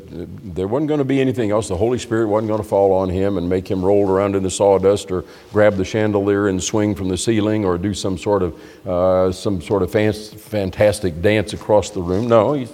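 A man's voice: fairly low pitch, a little mellow. A man preaching a sermon in a church hall, explaining scripture in a conversational way with frequent restarts. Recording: long reverb of a church hall.

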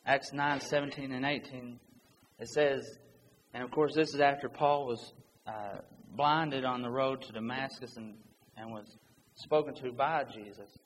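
A man delivers an earnest, urgent sermon, reading scripture aloud between his own points. His voice sits at a middle pitch and rings with a long reverb from a church hall, over a faint background hiss. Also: a little slow. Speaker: preacher.

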